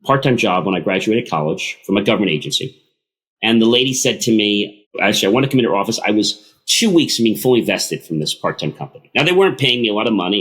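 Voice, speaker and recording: Middle-aged guy telling stories, animated, does the voices of everyone in them. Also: lowish voice. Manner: animated, acts out both sides of quoted conversations. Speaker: podcast guest. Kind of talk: casual storytelling.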